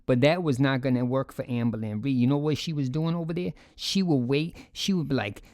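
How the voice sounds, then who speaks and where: A man's voice: mid-range voice, a little fast, darkish tone, no room sound, studio quality. A man giving casual reaction commentary, emphatic and repetitive, talking straight to his audience.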